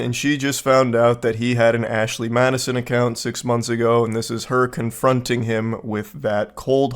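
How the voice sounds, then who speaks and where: A man giving comedic commentary on text message screenshots, sardonic, deadpan and profane. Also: mid-range voice, clean tone. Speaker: online commentator.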